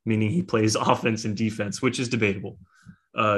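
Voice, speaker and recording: A man with a lowish voice chimes in on a casual sports podcast. He is blunt and slangy, calling people out and agreeing hard with his co-host. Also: fairly even intonation, fast, fairly bright tone, slightly rough. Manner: blunt, slangy, laughs along.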